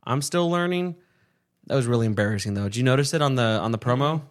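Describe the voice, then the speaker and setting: A man's voice: mid-range voice, expressive, quick pace. A young man co-hosting a podcast in casual chat, loose and laughing, swearing often. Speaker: podcast co-host.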